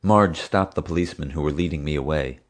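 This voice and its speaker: A man reading an audiobook in steady, even first-person narration. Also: a bass voice, fast.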